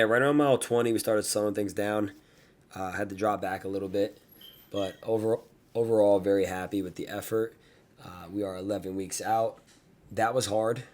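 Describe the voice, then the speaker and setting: A man hosting a casual vlog, chatting easily with many ums while riding home in a car. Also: on the low side. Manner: relaxed, easygoing, many filler ums. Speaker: vlog host and ultrarunner. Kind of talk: casual vlog talk and recap.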